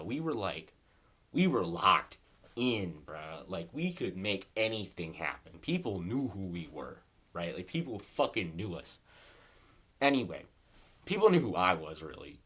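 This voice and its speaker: A man's voice: low voice, fairly bright tone, breathy edge. A young man in a casual, rambling storytime vlog, full of profanity and constant "like" and "bro", recorded in his bedroom at home. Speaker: storytelling vlogger.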